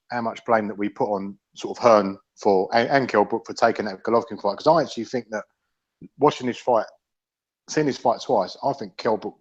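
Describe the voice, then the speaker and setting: A man in a casual podcast chat about boxing, rambling with many restarts and swearing freely. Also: lowish voice. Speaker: podcast panelist. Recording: dull lo-fi audio.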